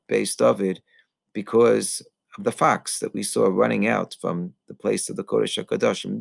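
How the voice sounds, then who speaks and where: A man, a rabbi, giving an earnest teaching sermon, pausing often with fillers and mixing in Hebrew terms. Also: fairly low pitch, vocal fry, dry recording. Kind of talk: Tisha B'Av sermon.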